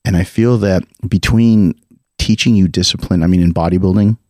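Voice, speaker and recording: A man's voice: low voice, normal speed, darkish tone, dry recording, clean studio sound. A man hosting a podcast, asking questions in an earnest, reflective, motivational way. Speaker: podcast host. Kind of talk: casual podcast interview.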